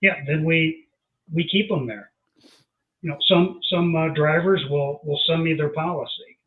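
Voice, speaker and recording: A man's voice: a little high, a little slow. Plainspoken male guest on a tinny phone line. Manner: plainspoken, explaining. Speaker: insurance agent guest. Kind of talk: casual chat. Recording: phone-like call-in audio.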